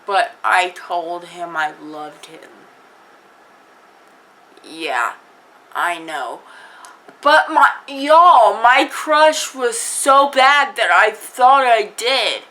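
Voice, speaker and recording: Woman vlogger for a storytime video: slow delivery, bright tone, chatty, acts out the other people's lines. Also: lowish voice, lively intonation, slight background noise, low-quality recording. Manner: chatty, lots of fillers, acts out quoted dialogue. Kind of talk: casual storytime vlog.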